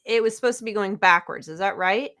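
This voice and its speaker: A woman's voice: mid-range voice, fast, fairly bright tone. A woman co-hosting a podcast, asking puzzled questions in casual chat. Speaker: podcast co-host.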